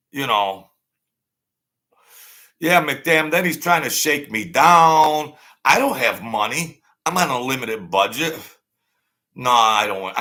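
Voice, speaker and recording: Older male host, gravelly and forceful, blunt and wary in a casual monologue. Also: lowish voice. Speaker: channel host. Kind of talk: rambling casual storytelling.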